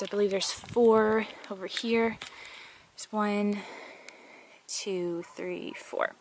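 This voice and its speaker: A woman's voice: mid-range voice, noisy background. A woman, a little out of breath, chatting casually as she walks through her garden. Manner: chatty, upbeat, with fillers and little laughs. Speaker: vlogger giving a garden tour. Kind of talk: casual walking tour. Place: outdoor garden.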